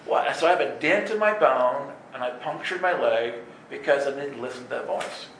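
Guy telling animated stories, bright tense voice, faint room hum. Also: mid-range voice, moderate pace. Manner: animated, laughing, acts out voices in his stories. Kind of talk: storytelling talk. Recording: echoey room with faint ambience.

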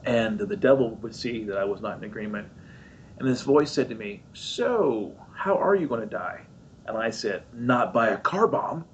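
A man's voice: moderate pace, a little hiss or hum, rough recording. A man preaching, telling a story from his own life and acting out the voices in it. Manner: animated storyteller acting out his own voice and others, high squeaky jumps. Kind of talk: sermon storytelling.

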